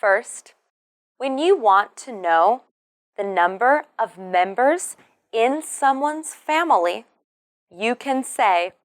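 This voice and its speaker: A woman's voice: medium pitch, animated, slow. A woman teaching English to beginners, speaking patiently and repeating words syllable by syllable. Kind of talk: slow pronunciation drill for beginners.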